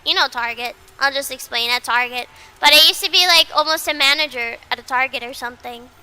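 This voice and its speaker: A woman's voice: high-pitched, a little fast, bright, forceful tone, smooth. A woman VTuber in casual livestream chat who rambles, repeats herself, swears freely and mocks herself bluntly. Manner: blunt and self-mocking. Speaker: VTuber streamer.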